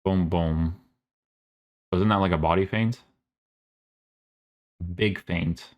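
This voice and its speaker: A man's voice: sits low, takes it slowly, highs cut off. A man reading game update notes aloud and reacting to them in a casual, sarcastic way. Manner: casual, sarcastic asides, many fillers. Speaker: gaming YouTuber.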